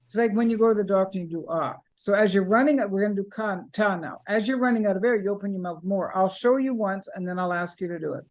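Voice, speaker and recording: A woman's voice: mid-range voice, fast talker, few pauses, a little mellow. A woman from Canada teaching a voice workshop over a video call, guiding breathing exercises and demonstrating vocal sounds. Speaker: voice coach. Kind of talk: online workshop instruction.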